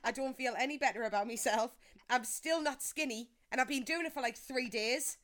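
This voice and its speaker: A woman's voice: sits high, a little fast, a bit bright, a little hiss or hum. A young woman, co-hosting a podcast in casual, jokey chat and laughing often. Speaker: podcast co-host.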